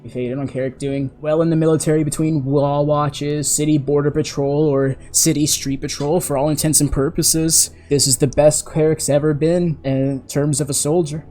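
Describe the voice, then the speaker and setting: Brief: male game master, mellow voice, casual rambling tabletop narration. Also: a little high, little pitch movement, normal speed, few pauses, faint music behind. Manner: casual storytelling with a self-correcting ramble.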